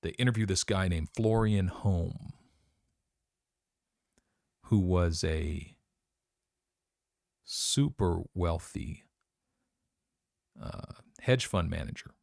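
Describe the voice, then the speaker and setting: A man with a notably deep voice talks through a heartfelt confessional podcast monologue. He speaks with earnest, searching emotion. The sound is dry and close, with no room around it. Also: extremely slow, creaky, long pauses, a little mellow, no echo. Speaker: podcast host.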